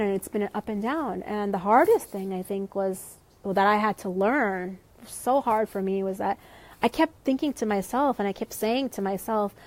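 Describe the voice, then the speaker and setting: A woman life coach with a mid-range voice gives a reflective, conversational live-stream talk. She gently reassures her viewers and uses lots of filler words.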